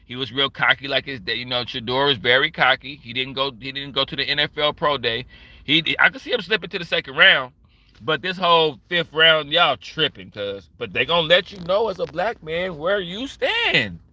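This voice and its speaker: Ranting casually on a livestream, a man speaks at normal speed in a sharp, cutting voice a little high for a man. He's animated and profane, driving every point home, and the sound is dry and close with no echo or room.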